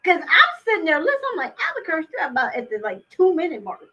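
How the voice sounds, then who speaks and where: A woman's voice: extremely high pitch, wildly swooping pitch, quick pace, bright, forceful tone. A woman co-hosting a casual talk show, chatty and full of fillers. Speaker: co-host. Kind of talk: casual chat.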